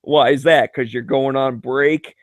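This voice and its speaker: A man's voice: medium pitch, fairly even intonation, a little slow. A man in casual chat, telling joking, profane stories full of filler words and frequent laughter. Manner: loose filler-heavy delivery with many "like"s. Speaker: chat regular.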